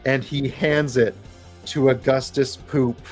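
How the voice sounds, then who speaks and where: A man running a comedy tabletop game as game master, narrating with lively energy, swearing and laughing. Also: medium pitch, slow pace, faint music behind.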